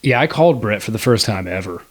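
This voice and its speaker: A man's voice: fairly low pitch, animated, fast. A young man co-hosting a casual movie review podcast, laid-back and rambling, with lots of fillers and swearing. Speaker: podcast co-host.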